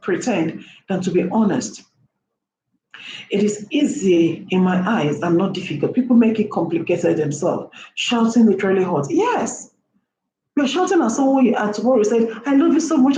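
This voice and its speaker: A woman's voice: fairly high pitch, warm tone. Impassioned woman lecturing, roomy echo. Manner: lecturing, with repeated rhetorical questions. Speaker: vlogger. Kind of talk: impassioned opinion monologue. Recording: roomy echo, faint background hum.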